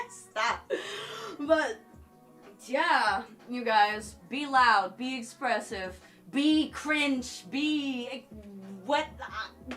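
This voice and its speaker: A woman's voice: high-pitched, a bit bright. A woman live streaming and chatting casually with her viewers, talking emotionally with lots of fillers and swinging between tears and giggles.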